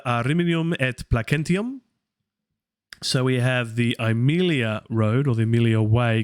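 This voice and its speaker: A man's voice: mid-range voice, clear, resonant tone, no echo, clean studio sound. An Australian man hosting a live Latin study session, thinking aloud with many fillers as he works through the text.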